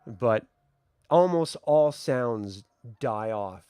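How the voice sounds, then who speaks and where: A man narrating a tabletop game as game master in a slow, descriptive way. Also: mid-range voice, expressive, dark tone, smooth, no echo. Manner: slow, descriptive, with hedging "sort of".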